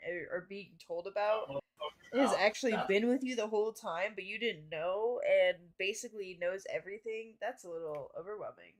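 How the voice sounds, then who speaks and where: A woman's voice: medium pitch, normal speed. A woman playing a tabletop game, laughing and chatting with the group. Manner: laughs a lot, exclaims. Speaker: player. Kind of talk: casual chat at a game table.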